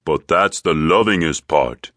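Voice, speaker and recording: A man doing a slow, gloating villain. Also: extremely low pitch, fairly bright tone, dry recording, clean studio sound. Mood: gloating menace. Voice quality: slow, taunting, mocking drawl. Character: menacing, gleeful adult male villain.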